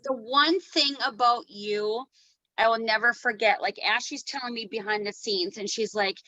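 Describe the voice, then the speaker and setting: High bright-voiced woman cheering on her team on a video call, upbeat, dry sound. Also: normal speed, no echo, poor audio. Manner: upbeat, hyped, cheering on a teammate. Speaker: host. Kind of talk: motivational video call chat.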